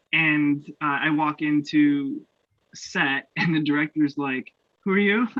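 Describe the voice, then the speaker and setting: A young man from Canada, a guest actor telling stories in a casual interview, animated and laughing, acting out the voices he quotes. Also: fairly high pitch, no room sound. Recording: dull lo-fi dry sound.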